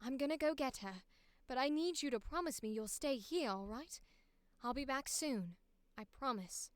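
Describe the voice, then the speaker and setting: Actress as a heroic young swordswoman, high-pitched posh British voice, dry close read. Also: expressive, moderate pace, dry recording. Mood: tender. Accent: put-on posh British. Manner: earnest, emotional line reads. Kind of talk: voice audition read.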